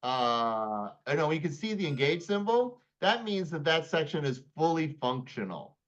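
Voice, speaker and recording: An upbeat, encouraging man teaches the rules of a board game on a casual stream. His voice sits somewhat high. The audio is dull and lo-fi, as on a home call. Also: big pitch swings, moderate pace, a bit bright.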